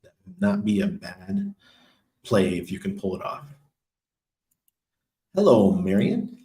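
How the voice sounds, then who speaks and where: Man, livestream host, casual chat, lower voice, rambling and laughing, roomy echo. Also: sing-song, normal speed, long pauses, warm tone. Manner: loose, chatty, laughs often, trails off with ums. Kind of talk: casual livestream chat reading viewer comments. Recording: echoey room.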